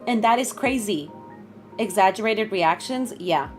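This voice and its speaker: A woman's voice: expressive, moderate pace, faint music behind. A young woman streaming a game, chatting casually with viewers and greeting them by name. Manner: chatty, greets chat, bursts of high laughter. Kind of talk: casual live-stream chat.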